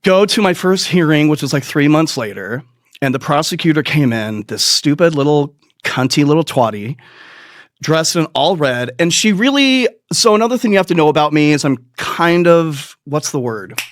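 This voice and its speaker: A man's voice: on the high side, expressive, normal speed, dry recording, studio quality. Profane, rambling comic storyteller man. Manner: rambling, profane, self-mocking, laughs at his own stories. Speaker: podcast host and comedian. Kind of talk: crude comic storytelling monologue.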